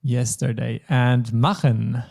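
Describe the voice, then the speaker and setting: A man's voice: mid-range voice, fairly even intonation, slow, vocal fry, a little mellow. A man teaching a language lesson, explaining patiently step by step. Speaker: German teacher.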